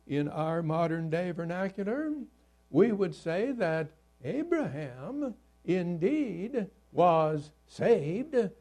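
High-voiced man preaching a slow sermon. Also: dark tone. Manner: earnest preaching with scripture readings, occasional halting restarts.

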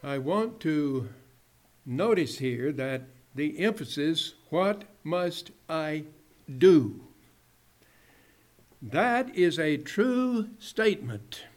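A man preaching a sermon in a measured way, dropping low and soft at the ends of phrases.

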